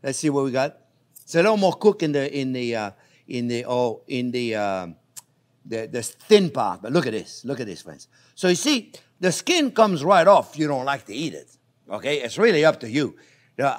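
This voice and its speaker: Lively, chatty male TV chef. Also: mid-range voice, moderate pace. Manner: playful, chatty, keeps calling the viewers friends; enthusiastic, gushes over the food. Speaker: chef and cooking show host. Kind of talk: casual cooking demonstration. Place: kitchen.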